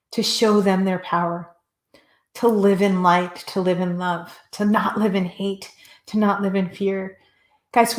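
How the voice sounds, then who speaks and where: A woman hosting a talk show, delivering a passionate motivational speech in a repetitive, rallying cadence. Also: mid-range voice. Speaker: host. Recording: echoey room.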